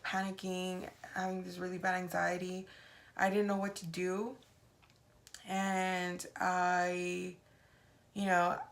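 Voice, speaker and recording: A woman's voice: mid-range voice, fairly bright tone. A young adult woman vlogger casually telling a personal story, retelling past conversations with frequent "like" and "I was like". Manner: retells events with reported dialogue, many "like" fillers.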